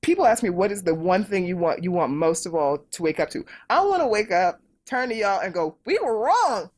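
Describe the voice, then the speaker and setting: A woman's voice: fairly low pitch, lively intonation, brisk. A middle-aged woman, a podcast guest, talking emphatically and animatedly in a political conversation, hammering points home with repetition.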